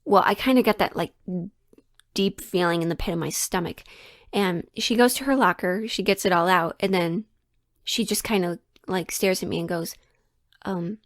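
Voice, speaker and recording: A woman's voice: mid-range voice, moderate pace, no room sound, studio quality. Chatty young woman telling a story. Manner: chatty, conversational, full of "like" and asides. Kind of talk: casual storytime narration.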